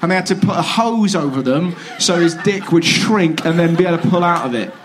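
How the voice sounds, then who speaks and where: A man's voice: fairly high pitch, animated, a crowd in the background. A young man, a comedian guest telling profane stories before a live audience and acting out the voices in them. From England. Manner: quick, profane storytelling with acted-out voices. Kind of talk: comic podcast chat before a live audience. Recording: live room with noise and audience.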